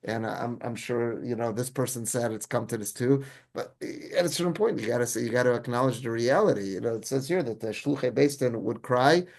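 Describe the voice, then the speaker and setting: Rabbi teaching a text. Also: male voice, mid-range voice, fairly quick, gravelly, a little mellow. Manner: translates Hebrew phrase by phrase, casual asides. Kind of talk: Torah class on a source sheet.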